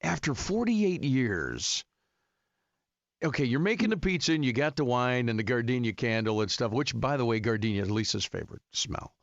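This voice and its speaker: A man's voice: mid-range voice, fast, hardly any pauses, no echo, muffled recording. A middle-aged man hosting radio chat, joking and teasing playfully. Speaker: radio host.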